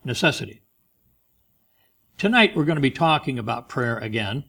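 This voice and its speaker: A man preaching a sermon, pressing key phrases slowly and loudly, then dropping quiet for stories. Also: mid-range voice, big pitch swings, creaky. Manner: emphatic, slows and rises on key phrases, drops soft for stories.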